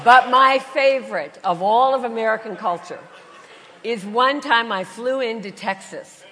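Somewhat high and fairly bright, a woman's voice moves a little slowly through a Christian sermon of comic travel tales, which she delivers despite a cold, putting on voices and laughing between lines. A faint crowd and slight background noise can be heard, along with long large-hall reverb.

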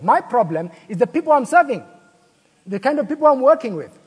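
A man delivers a sermon in a husky, high-pitched voice. He tells little stories and acts out the people in them, then drives the point home with rhetorical questions. His voice rings out with a long reverb, as if in a large church hall. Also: expressive, fairly quick, darkish tone. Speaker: preacher.

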